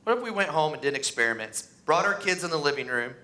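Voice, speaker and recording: A male pastor in his thirties preaches in a church sanctuary. His voice is bright and forceful, and he stays animated, acting out the voices of the people he talks about. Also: fast talker. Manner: animated, acts out voices, pitch rises on mocking lines. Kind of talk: sermon.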